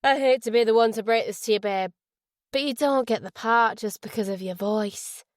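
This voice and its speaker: A woman's voice: fairly high pitch, normal speed, dry recording, studio quality, lightly acted. A woman voicing a sarcastic, cruel drunk man in a storybook reading. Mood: sneering. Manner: sneering, sarcastic.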